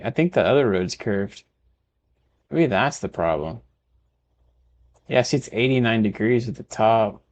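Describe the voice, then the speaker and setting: A man from Texas narrates his city-building session in a relaxed, chatty way. He mutters to himself as he works, his voice sitting at an ordinary middle pitch. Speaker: gaming video host. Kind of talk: casual let's-play commentary.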